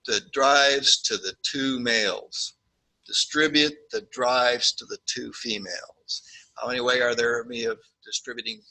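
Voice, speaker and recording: A man's voice: mid-range voice, low-quality recording. A man teaching a statistics class, joking and acting out little scenes as he works through problems. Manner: jokey, animated, acts out little scenes. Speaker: statistics lecturer. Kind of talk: classroom lecture.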